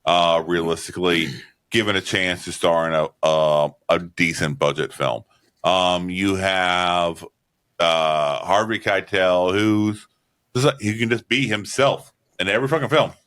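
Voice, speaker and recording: A lowish male voice, blunt and heavy on the swearing, filling his talk with "um" and "all right" in a casual film-podcast chat. He wanders through his points in a loose, offhand way. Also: fairly even intonation, a little slow, a bit bright, clean tone. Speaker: podcast co-host. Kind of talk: casual movie-review chat.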